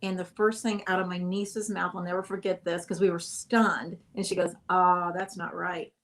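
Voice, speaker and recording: A woman's voice: lowish voice, level tone, moderate pace. Rambling woman telling a story. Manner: rambling, self-correcting, laughs often. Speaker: guest. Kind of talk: casual interview storytelling.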